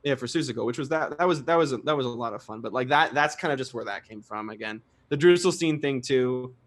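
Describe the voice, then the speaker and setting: A man's voice: mid-range voice, fast talker. A young man, a guest singer, talking casually in an interview, chatty and self-deprecating, laughing often and restarting sentences.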